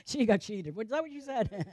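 A woman's voice: medium pitch, very animated, moderate pace, a little mellow, no echo, studio quality. A woman preacher giving a sermon in a conversational way, questioning the congregation with playful asides.

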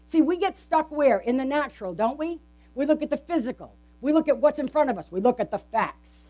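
A woman's voice: high-pitched, expressive, brisk, dark tone, highs cut off. A woman pastor delivering a conversational sermon in a church, often asking the congregation questions. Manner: conversational, asks the congregation frequent rhetorical questions.

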